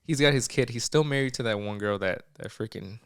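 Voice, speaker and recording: Young man, podcast co-host, mid-pitched voice, dry close mic, casual storytelling. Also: brisk, smooth, dry recording. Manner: retells a movie plot with many "he's like" quotes.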